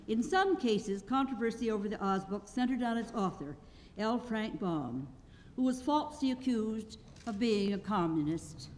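Animated woman reading aloud. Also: on the high side, normal speed, long reverb tail, a little hiss or hum. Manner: animated storytelling. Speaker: reader at a literary event. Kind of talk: expressive read-aloud narration. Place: auditorium stage.

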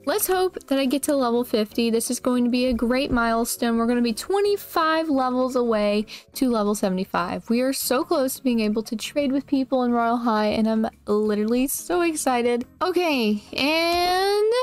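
A woman's voice: fairly high pitch, expressive, normal speed, hardly any pauses. A young woman chatting casually as she plays and comments on an online game, upbeat and full of fillers and repeated phrases. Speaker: gaming YouTuber.

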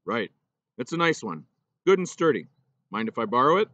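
A man voicing a gruff, remorseful older male teacher in a storybook reading, talking plainly and low. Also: sing-song, normal speed, pushed and bright.

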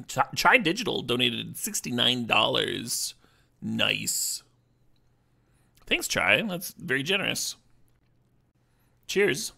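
A man drafting in a card game on stream speaks slowly in a creaky, mid-range voice, leaving long pauses. His talk is casual and playful, full of jokes, with swearing when he gets worked up.

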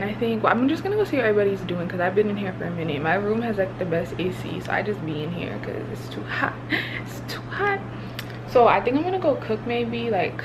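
A vlogger in her twenties chats casually to her camera from a hotel room, upbeat and laughing often. Her voice is mid-range, and background noise comes through on the handheld phone or camera.

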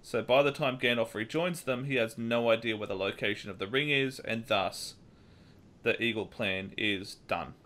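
A man's voice: medium pitch, moderate pace, fairly bright tone. An Australian man hosting a casual podcast, rambling with fillers and laughing often. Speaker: podcast host.

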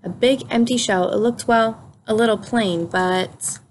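A woman reading a children's picture book aloud in a calm, clear storytelling manner. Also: on the high side, unhurried, a little hiss or hum. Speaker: storybook reader.

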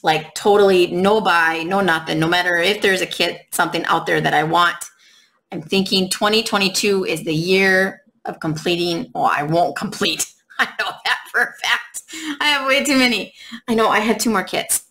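A woman vlogger chatting casually while unboxing crafts, reading drill numbers slowly and gushing softly over the colors. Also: fairly low pitch, rough recording. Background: crinkling bags and clicks.

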